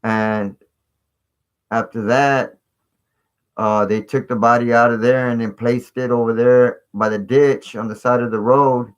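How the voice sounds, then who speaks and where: A man's voice: medium pitch, steady tone, measured pace, smooth, dull audio. Rambling man hosting a live stream. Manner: rambling, filler-heavy, conspiratorial chat. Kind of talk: casual live stream talk.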